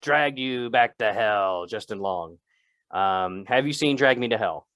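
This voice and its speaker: A man cracking jokes on a comedy podcast, talking in loose rambling runs. His pitch leaps up and drops away as he riffs. The sound is close and dry, with no room behind it. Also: expressive, measured pace, a bit bright, dry recording. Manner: rambling, jokey, shifts pitch a lot. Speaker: podcast co-host. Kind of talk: improvised comedy podcast banter.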